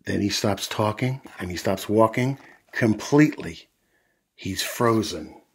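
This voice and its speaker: A man's voice: lowish voice, animated, measured pace, slightly rough. A man reading a picture book aloud to children as a storyteller, adding friendly asides to young listeners.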